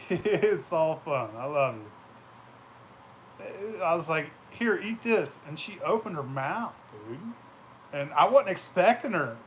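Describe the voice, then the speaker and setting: Man, casual vlog storytelling, profane, laughing, rambling, somewhat high voice. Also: big pitch swings, slow, fairly bright tone, slight background noise. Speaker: vlogger.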